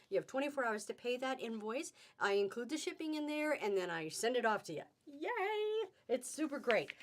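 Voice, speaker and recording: A woman hosting a live-streamed fabric sale, chatting casually and upbeat, greeting viewers by name as she goes. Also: a little high.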